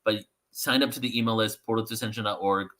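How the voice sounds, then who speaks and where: Bright-voiced man co-hosting a live stream. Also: lowish voice, steady tone, fast. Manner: casual, easygoing, with fillers. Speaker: co-host.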